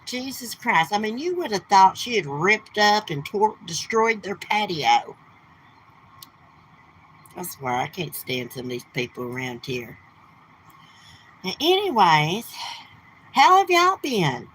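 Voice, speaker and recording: A woman's voice: medium pitch, sing-song, a little slow, pauses often, fairly bright tone, a little hiss or hum, poor audio. A middle-aged woman, chatting bluntly and gossiping on a casual live stream outdoors. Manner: blunt, gossipy, cussing, Southern turns of speech. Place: outdoors near her home.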